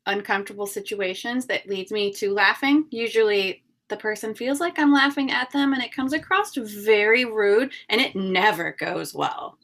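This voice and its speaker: A woman's voice: medium pitch, normal speed, few pauses, a bit bright. A woman who giggles a lot, talking as a guest in a casual podcast chat. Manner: giggly, self-deprecating.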